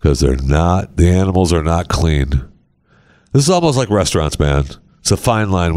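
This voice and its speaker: A man's voice: sits low, normal speed. An American man hosting a podcast, chatting casually and acting out stories with sound effects. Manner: animated storyteller, acts out scenes with sound effects. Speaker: podcast host. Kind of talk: casual chat.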